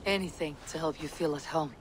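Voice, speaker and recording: An actress playing a calm, steady female Viking warrior leader in a video game. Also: sits low, fairly quick, noisy background, lightly acted. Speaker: game protagonist.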